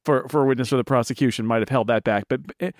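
A man co-hosting a casual film podcast, rambling and animated with many restarts and mock-indignant humor. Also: mid-range voice, fast, no echo, clean studio sound. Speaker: podcast co-host.

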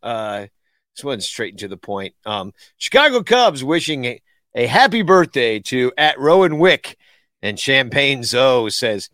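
A man's voice: mid-range voice, big pitch swings, measured pace, pushed and bright, dry recording, studio quality. A man co-hosting a casual podcast, joking and poking fun at himself. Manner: joking, self-deprecating. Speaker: podcast co-host.

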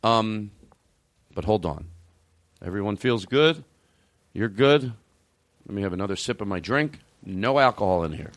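A man's voice: lowish voice, a little slow, pauses often, no echo. A middle-aged man hosting a comedy podcast, chatting loosely and rambling, often stopping himself mid-thought. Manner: rambling, excitable, stops to comment. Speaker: podcast host. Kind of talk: casual comedy chat.

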